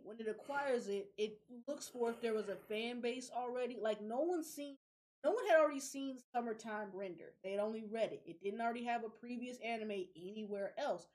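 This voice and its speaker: A young adult woman hosting a podcast in casual chat, animated and profane, laughing often. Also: a little high. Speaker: podcast host.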